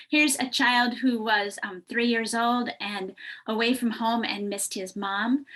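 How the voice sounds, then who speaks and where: A woman author speaks to an online audience about reading with young children. Her tone is bright and clear, and she talks earnestly, telling small stories with plenty of ums. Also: medium pitch. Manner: earnest, warm storytelling with many ums. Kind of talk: online summit talk.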